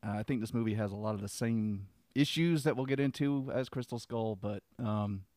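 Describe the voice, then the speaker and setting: A man's voice: on the low side, moderate pace, darkish tone, no echo. A man reviewing a film on a casual podcast, with a wry, joking manner and frequent chuckles.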